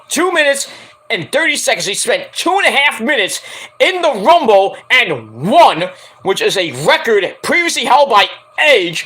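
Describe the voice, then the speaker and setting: A man hosting a casual wrestling news stream, rambling, joking and swearing, his voice hoarse from hours of screaming. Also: high voice, pushed and bright. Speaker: stream host.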